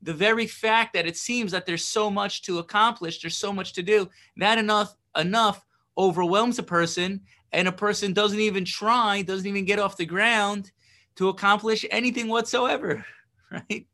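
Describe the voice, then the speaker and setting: Man, religious teacher, text study lesson, bright tone, higher pitch, explanatory. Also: steady tone, moderate pace. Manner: explanatory, asks rhetorical questions, often adds "right?".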